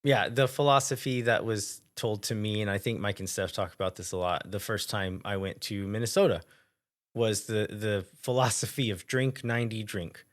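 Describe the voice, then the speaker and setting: Easygoing low-voiced podcast co-host. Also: male voice, steady tone, normal speed. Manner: easygoing, thinks out loud with loose asides. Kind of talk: casual chat.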